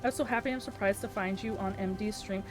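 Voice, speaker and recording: A woman live-streaming a game, chatting casually and playfully with her viewers and reacting out loud to the action. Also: medium pitch, fast, over music. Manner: chatty and playful, breaks into yelps and laughter. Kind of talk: casual live-stream chat while gaming.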